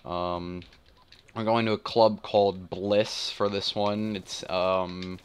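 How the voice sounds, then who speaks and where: Young male gaming host, lowish voice, mutters and curses through live play commentary. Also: flat delivery, takes it slowly, clear, resonant tone. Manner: muttering, swearing, self-deprecating grumbling.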